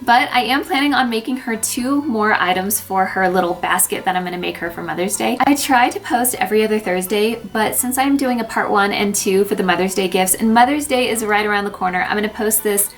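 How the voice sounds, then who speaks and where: A woman's voice: medium pitch, brisk, hardly any pauses. A young woman chatting casually through a DIY crafting tutorial, gushing enthusiastically over her handmade gifts. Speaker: crafting vlogger.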